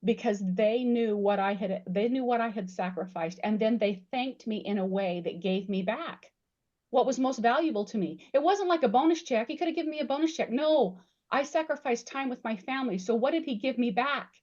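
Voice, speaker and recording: A woman's voice: on the high side, brisk, a little mellow. Earnest woman panel guest, emphatic, repeats herself mid-thought, muffled audio. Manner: earnest and emphatic, repeats words while building points. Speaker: guest speaker on employee recognition. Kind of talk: panel discussion storytelling.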